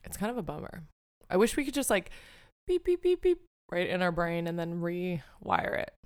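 Young woman, podcast host, low pitch, smooth clear voice, candid rambling, self-deprecating. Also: expressive, moderate pace. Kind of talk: casual solo podcast monologue.

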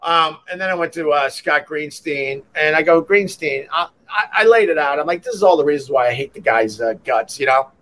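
A man tells stories in a loose, rambling podcast chat, his voice sitting a little high for a man. He keeps stopping and restarting, then launches into quick imitations of the people in his stories. He sounds like a seasoned radio host who is comfortable just talking. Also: a little hiss or hum. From Long Island, New York. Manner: rambling, animated, acts out voices in quotes. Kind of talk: casual storytelling podcast.

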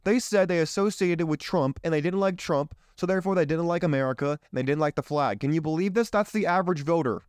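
A man's voice: fairly high pitch, fast, hardly any pauses, darkish tone, clean tone, no echo, studio quality. A man hosting a political commentary show, talking indignantly to his listeners, firing off rhetorical questions and rambling off script. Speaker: show host.

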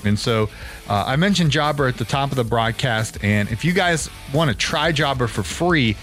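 A man's voice: medium pitch, moderate pace, soft background music. Rambling, chatty male podcast host. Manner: rambling storyteller, animated quoting. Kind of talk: casual podcast chat.

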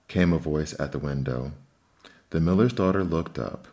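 Deep-voiced man reading fairy tales. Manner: measured, expressive fairy-tale telling. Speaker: storyteller. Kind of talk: scripted storybook narration.

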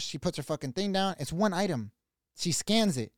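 A young man co-hosting a podcast, telling stories in a casual, animated way and swearing freely. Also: a little high, racing, no echo, clean studio sound. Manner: animated, swears a lot, acts out other people's voices. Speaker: podcast co-host. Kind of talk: casual storytelling chat.

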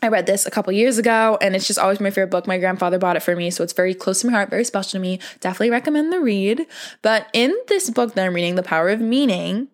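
A young adult woman hosting a podcast, talking in a gentle, earnest, casual way, full of "like" and calling her listeners "baby". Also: medium pitch, racing. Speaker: podcast host. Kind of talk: casual heartfelt monologue.

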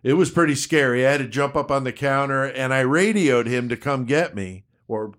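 A man casually telling a rough work story, cursing constantly and acting out the quotes. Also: medium pitch, a little fast. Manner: profane, animated, acts out quotes.

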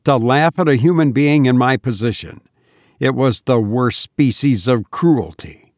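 A man reading a first-person gothic story aloud in a measured, solemn manner. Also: mid-range voice, no room sound, clean studio sound. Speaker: audiobook narrator.

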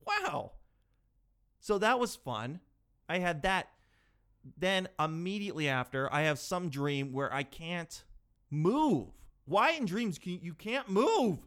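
Young guy doing comedy stories, kinda high voice, gets loud then mumbles. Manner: animated, swings between loud yelling and mumbled asides. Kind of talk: comedic storytelling.

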